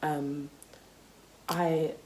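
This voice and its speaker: A woman's voice: low voice, little pitch movement, very slow, mellow, a little hiss or hum. A young woman vlogging a casual story time, candid and chatty, with lots of "like" and "you know" and some swearing. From United Kingdom.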